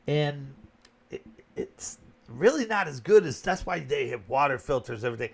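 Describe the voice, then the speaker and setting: A man's voice: medium pitch, animated, moderate pace, creaky, husky. A man from Flint, Michigan, giving a blunt, colloquial opinion monologue as a vlogger.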